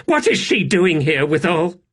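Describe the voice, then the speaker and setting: Hysterical young warrior, male narrator's put-on voice, high, strained, frantic audiobook figure. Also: sing-song, a little slow, fairly bright tone, husky, full character voice. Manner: shrill, frantic. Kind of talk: audiobook character voice.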